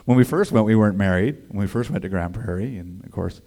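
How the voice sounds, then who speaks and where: Speaking fast in a lowish voice, a man gives a personal faith testimony about his life, casual and folksy, with phrases like "man" and "boy, I tell you." He's animated and acts out the voices of the other people in his story.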